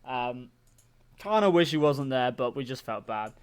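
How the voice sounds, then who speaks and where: A British man co-hosting a comedy podcast, dropping dry deadpan asides into an improvised story. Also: medium pitch, measured pace, clean tone. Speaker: podcast co-host. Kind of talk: casual improvised comedy chat.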